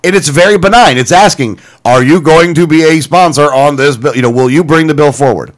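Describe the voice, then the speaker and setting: A man co-hosting a radio talk show, telling a story in a casual, animated way, acting out both sides of a phone call. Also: on the high side, fairly quick, slight background noise. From Florida. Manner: animated, retelling phone calls with quoted dialogue and self-corrections.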